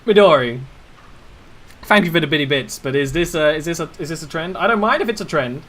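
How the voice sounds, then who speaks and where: A man's voice: on the high side, fast, pushed and bright. Rambling English man streaming a game. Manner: rambling, chatty asides to chat. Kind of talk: casual live game commentary.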